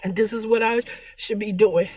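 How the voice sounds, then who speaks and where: A woman's voice: medium pitch, fairly even intonation, normal speed, darkish tone, breathy edge, no echo. A tearful woman vlogger talking in an earnest, preachy monologue about faith and herself, often repeating her words. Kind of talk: emotional spiritual vlog monologue.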